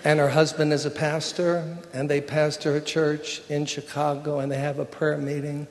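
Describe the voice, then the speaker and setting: An older man giving a sermon with a personal testimony, telling the story in an emotional, conversational way that drops to a hush at times. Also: fairly high pitch, little pitch movement, normal speed, big-room sound, slight background noise. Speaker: preacher. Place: church sanctuary.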